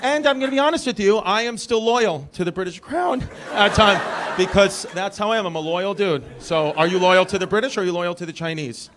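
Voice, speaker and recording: Man, new york accent, stand-up comic, teasing crowd work, high voice, noisy live club. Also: fairly quick. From Brooklyn, New York. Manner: brash, teasing, rambling asides. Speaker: stand-up comedian. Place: comedy club stage before a crowd. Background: audience laughing.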